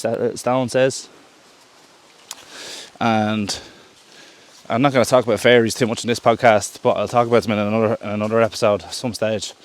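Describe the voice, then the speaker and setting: An Irish podcast host telling a story casually while walking outdoors in the woods, filming himself and often correcting himself. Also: male voice, medium pitch. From Ireland. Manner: chatty, rambling, self-correcting. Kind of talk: casual storytelling on a woodland walk. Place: outdoor woodland walk. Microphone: self-held camera while walking.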